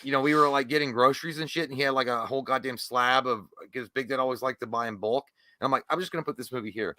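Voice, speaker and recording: A man in his thirties co-hosting a movie podcast, telling animated, profane stories in casual chat. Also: medium pitch, fast talker, dry recording. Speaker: podcast co-host.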